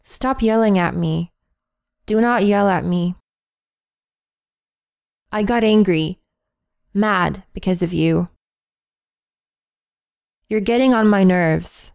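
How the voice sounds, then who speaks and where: A woman reading a list of English phrases in a calm, measured way, with deliberate pauses between them. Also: medium pitch, creaky, no room sound, clean studio sound. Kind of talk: slow read-aloud phrase list.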